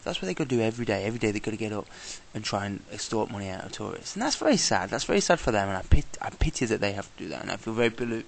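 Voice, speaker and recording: Gravelly, animated man ranting. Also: lowish voice, slight background noise. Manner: exasperated, swears, imitates people. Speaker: traveller vlogger. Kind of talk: casual travel vlog rant.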